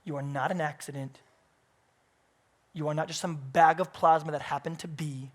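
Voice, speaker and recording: A man in his thirties preaching a sermon in church, moving between hushed, intimate passages and loud, emphatic peaks. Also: a little high, steady tone, normal speed.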